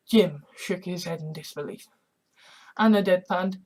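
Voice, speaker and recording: A woman's voice: on the low side, unhurried, rough recording. Woman casually reading an audiobook. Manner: loose reading with stumbles and asides. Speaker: audiobook narrator.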